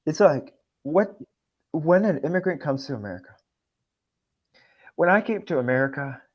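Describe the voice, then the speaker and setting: Emotional, halting man on a podcast. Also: a little high, expressive, dull audio. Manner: halting, restarts often. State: emotional, close to tears. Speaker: podcast co-host. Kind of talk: political podcast talk.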